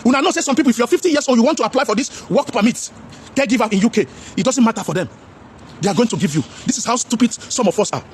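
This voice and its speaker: A man with a Nigerian accent giving a loud, preachy vlog commentary. He addresses viewers as his brothers, repeats himself and mixes English with Pidgin. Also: very high voice, expressive, rapid-fire, a little hiss or hum.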